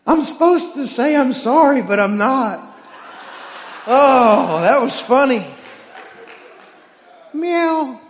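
A man's voice: extremely high pitch, animated, takes it slowly, slight background noise. A man preaching a sermon, telling jokes and acting out the voices in his stories. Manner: joking storyteller, acts out dialogue. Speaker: pastor. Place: church sanctuary. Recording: long reverb of a church hall.

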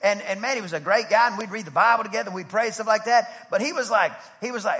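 A man preaching a sermon in a church, swinging from loud, driving build-ups to casual storytelling asides. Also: sits high, lively intonation, fast, long reverb tail. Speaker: pastor. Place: church sanctuary.

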